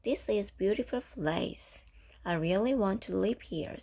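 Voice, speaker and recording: A woman's voice: mid-range voice, lively intonation, a little slow, vocal fry, dark tone, slightly rough, heavily acted. A woman voicing an emotional, talkative orphan girl in a storybook reading, tearful and pleading. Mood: eager. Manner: tearful, pleading, then gushing.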